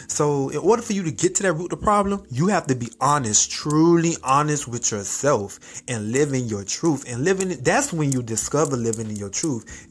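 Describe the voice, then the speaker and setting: A man with a husky, slightly breathy voice delivers a casual motivational monologue as a podcast host. He talks straight to the listener, encouraging and expressive, his pitch leaping up when he gets animated. His voice sits at a middle pitch.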